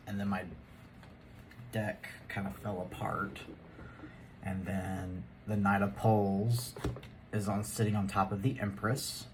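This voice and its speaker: A man's voice: low-pitched, background noise. A man giving a rambling, casual tarot reading, laughing and muttering asides to himself. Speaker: tarot reader.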